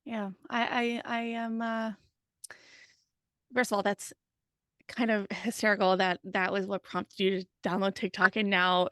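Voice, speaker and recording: Woman, podcast host, casual questions, short replies, mid pitch, dry sound. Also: little pitch movement, measured pace, clear, resonant tone, no room sound. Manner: warm listener with short backchannels.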